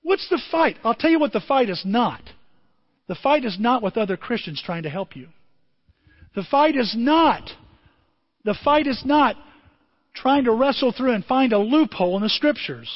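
A high-pitched, lively male preacher tells his story with big swings of voice and sudden shouts. His voice rings in a large hall with a long echo, and the recording sounds dull and lo-fi. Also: normal speed. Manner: animated storytelling, shouting out in excitement. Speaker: pastor. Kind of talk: sermon. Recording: dull lo-fi audio in a reverberant hall.

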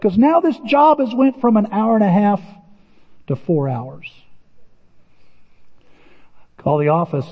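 Man, storytelling preacher, lively and self-mocking; lo-fi hall recording with long echo. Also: fairly high pitch, a little slow, pauses often. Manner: animated, self-mocking, acts out his own reactions. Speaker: preacher telling a personal story. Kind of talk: storytelling sermon. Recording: dull, echoey large hall.

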